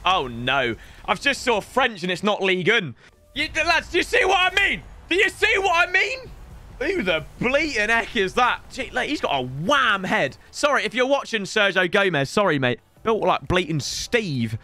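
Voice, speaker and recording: A young man giving chatty, rambling commentary while opening game packs, bursting into shouts at good pulls. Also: sits high, big pitch swings, moderate pace. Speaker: gaming YouTuber. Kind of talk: excited pack-opening commentary.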